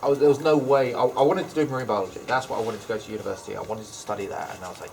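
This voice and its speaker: Essex-accented male teacher as podcast guest, rambling and self-correcting, casual chat in a school library lounge, mid-low voice. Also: lively intonation, rapid-fire, creaky, darkish tone, slight background noise. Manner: rambling, hesitant, many restarts.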